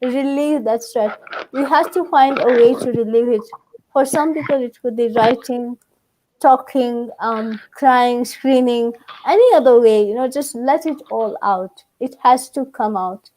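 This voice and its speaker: Woman, high voice, mellow tone, emotional storyteller, live panel guest. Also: measured pace, low-quality recording. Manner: emotional, animated storytelling with quoted dialogue. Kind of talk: live online panel talk.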